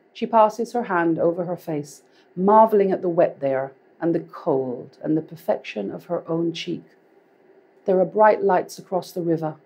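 Woman author in her fifties, lower voice, deliberate paced literary reading. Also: dark tone, slightly rough. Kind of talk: reading her own fiction aloud. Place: public library, indoors.

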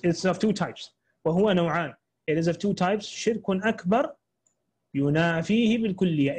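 A man teaching an Islamic studies lesson in English, explaining step by step with many repeats and restarts, and reading quotations quickly. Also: sits high, a little mellow, slightly rough. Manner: reads Arabic quotations quickly, then translates into English. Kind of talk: online class lecture.

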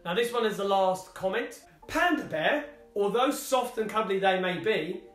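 A man's voice: high-pitched, big pitch swings, moderate pace, few pauses, fairly bright tone. British guy reading comments out, dry and teasing, roomy echo, faint music underneath. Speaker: family vlogger. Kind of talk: casual chat, reading comments aloud. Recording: echoey room, faint music.

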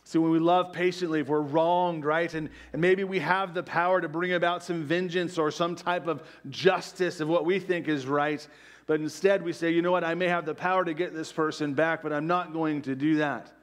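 A middle-aged male pastor preaching a conversational sermon, peppered with "right?" asides and dropping to a soft hush on key phrases. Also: on the high side, fairly even intonation, normal speed. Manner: drops to quiet, soft emphasis on key phrases.

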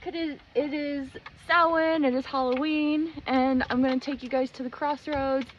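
A woman's voice: high-pitched, steady tone, normal speed, dull audio, a little hiss or hum. A woman chatting casually to her camera outdoors at a rural crossroads, gushing and bubbly. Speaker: vlogger. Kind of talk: casual vlog chat.

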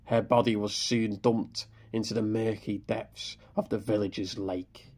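A man narrating a scripted horror story in a grave, measured manner. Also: fairly low pitch, little pitch movement, darkish tone. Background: faint background music.

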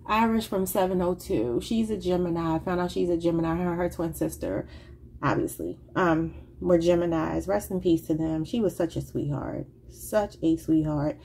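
A woman's voice: lowish voice, moderate pace, gravelly, dark tone, a little hiss or hum. A woman giving a casual tarot reading, rambling and thinking aloud in an informal, chatty way. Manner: informal, says y'all. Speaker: tarot reader.

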